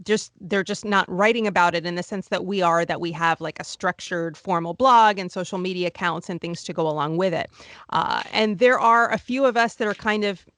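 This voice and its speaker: A woman's voice: on the low side, brisk, a bit bright, no echo. Articulate woman guest, dry close sound. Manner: articulate, many restarts and repeated words. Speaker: guest, wheelchair travel blogger. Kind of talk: conversational interview.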